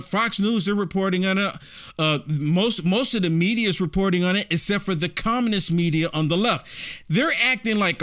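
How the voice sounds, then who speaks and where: Indignant high-voiced man ranting. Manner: indignant, rhetorical questions, animated swings in pitch. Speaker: political commentary host. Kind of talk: direct-to-camera political rant.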